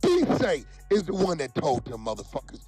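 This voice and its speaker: High-voiced man ranting and taunting. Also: huge pitch swings, normal speed, warm tone, husky, faint music behind. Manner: angry, taunting, sing-song. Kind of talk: profane livestream rant.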